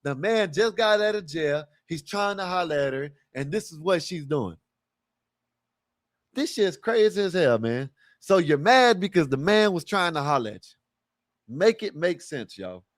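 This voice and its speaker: With a high voice captured in studio quality and free of room sound, a man hosts a livestream and offers casual, blunt, profane commentary on a video clip. He keeps asking rhetorical questions as he reacts.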